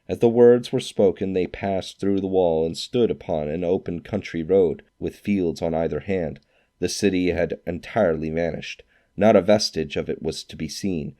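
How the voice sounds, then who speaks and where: Deep-voiced man narrating a classic tale. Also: moderate pace. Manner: expressive storytelling, acts out quoted lines. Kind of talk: scripted narration of a classic novel.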